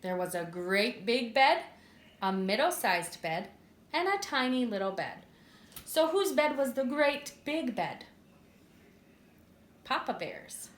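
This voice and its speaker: Slow, expressive woman teacher reading a story. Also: on the high side. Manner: clear, expressive, asks the children questions. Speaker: preschool teacher. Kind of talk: reading a story aloud to children. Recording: echoey room.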